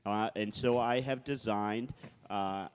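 A man's voice: fairly low pitch, steady tone, slow pace, smooth. A man hosting a casual comedy podcast, bossily setting up an improv sketch, in a reverberant room. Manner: bossy, sets up improv sketches. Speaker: podcast host.

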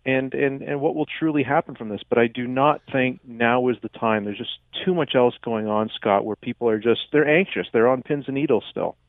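A man with a frog in his throat, a guest co-host in casual radio chat, talking through a headset, halting and repeating words. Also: mid-range voice, no room sound. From Canada. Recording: tinny phone-line sound.

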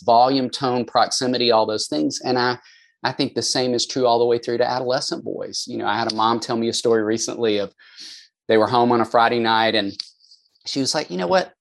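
A man, a counselor and author, speaking in an earnest, explanatory way during a podcast conversation. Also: mid-range voice. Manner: earnest, explanatory, many "I think" qualifiers.

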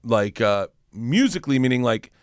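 A man's voice: medium pitch, moderate pace, clean tone, dry recording, clean studio sound. A middle-aged man from Florida, a comedian guest who tells profane, rambling stories in a casual podcast chat. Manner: rambling, profane, animated storyteller.

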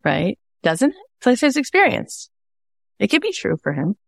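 A woman in her thirties hosting a podcast, giving a casual motivational talk in an earnest, animated way with emphatic repetition. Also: mid-range voice, moderate pace, gravelly, no echo, studio quality. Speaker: podcast host.

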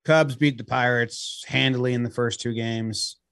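A man co-hosting a casual sports podcast, telling stories with swearing and lively put-on quotes. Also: mid-range voice, normal speed, dry recording, clean studio sound. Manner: profane animated storyteller. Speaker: podcast co-host.

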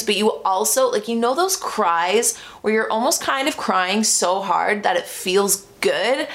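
Young woman, podcast host, casual solo advice talk, earnest and chatty, mid-pitched voice. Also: a bit bright. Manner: chatty and earnest, heavy with fillers like "like".

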